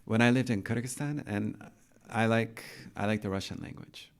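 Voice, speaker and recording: A man with a fairly low voice hosts a relaxed podcast interview. He keeps the talk moving with quick questions, dropping "okay" and "dude" throughout. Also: background noise. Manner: chatty, asks many questions, says dude and okay a lot. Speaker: podcast host. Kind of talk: casual interview chat.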